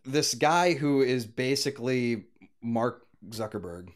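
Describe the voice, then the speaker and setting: A man's voice: medium pitch, lively intonation, slow pace. A man co-hosting a casual movie review podcast, chiming in with wry, dry remarks. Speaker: podcast co-host.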